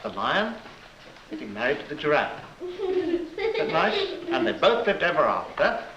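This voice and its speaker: A man's voice: medium pitch, very animated, a little fast. A man reading a story aloud to children in a playful, teasing way, full of sound effects. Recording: lo-fi echoey room with loud noise.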